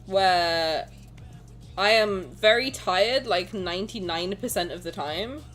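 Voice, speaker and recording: A woman's voice: medium pitch, takes it slowly, fairly bright tone, soft background music. A young adult woman streamer chatting casually and joking with her viewers, swearing now and then. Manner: joking, swearing, playful banter. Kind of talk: casual livestream chat, reading chat aloud.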